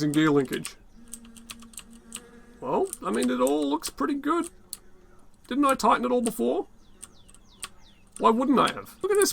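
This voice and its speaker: A man with a raspy, worn-out voice giving rambling, casual gameplay commentary, muttering to himself and swearing often. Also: sits high, bright, forceful tone. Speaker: gaming channel host.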